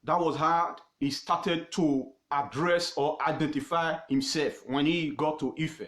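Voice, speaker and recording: A man with a Nigerian accent teaching history informally on his own page, emphatic and repetitive, pausing often with fillers. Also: on the high side, steady tone, a bit bright, echoey room. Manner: emphatic, repeats words, pauses with fillers.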